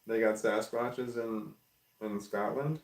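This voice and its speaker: A man's voice: lowish voice, fairly even intonation, slow pace, gravelly, roomy sound. A man casually reading live stream comments aloud and musing on each one. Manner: reads comments aloud and muses on them.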